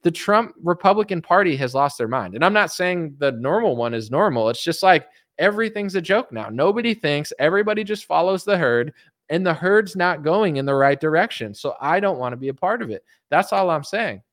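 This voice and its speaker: A young man with a fairly high voice rants about politics, blunt and emphatic, circling back over the same points and swearing freely. The sound is dry and close, with almost no room echo. He talks in loose, unscripted runs. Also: expressive, brisk, a bit bright. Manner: rambling, emphatic, blunt, swears, repeats himself. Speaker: political commentator.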